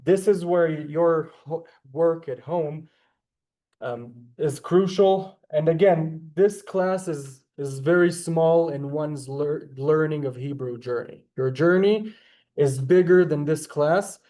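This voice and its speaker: A man's voice: fairly high pitch, slow pace, dark tone. A man teaching a Hebrew class over a video call, talkative and courteous, often apologizing and saying ma'am. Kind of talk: online class lecture.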